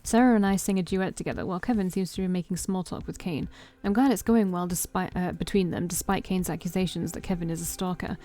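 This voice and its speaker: A woman reading a visual novel aloud as its heroine, wry and conversational. Her voice is mellow and warm, sitting on the low side. Faint music plays behind her. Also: fairly even intonation, fast talker, hardly any pauses.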